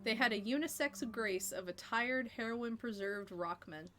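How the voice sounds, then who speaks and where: A woman streamer reading a story game aloud and chatting with viewers in a lively way, laughing between passages. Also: fairly high pitch, moderate pace, soft background music.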